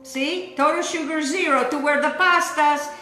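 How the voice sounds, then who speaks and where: A woman's voice: high-pitched, steady tone, moderate pace, pushed and bright, roomy sound. A woman from Argentina hosting a cooking show, chatting in a bubbly, sing-song way and sprinkling in Italian words. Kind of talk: chatty live cooking demonstration. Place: home kitchen.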